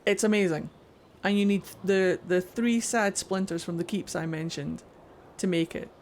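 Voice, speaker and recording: An Irish woman streaming a video game, chatting excitedly with jokes and swearing in casual let's-play commentary. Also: mid-range voice, moderate pace, a little hiss or hum. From Ireland. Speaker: gaming streamer.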